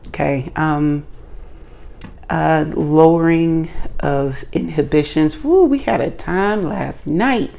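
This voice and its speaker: A woman's voice: low-pitched, takes it slowly, gravelly, dark tone. A woman hosting her own channel, giving a casual tarot reading in a playful, chatty way with self-joking asides. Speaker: tarot reader and channel host.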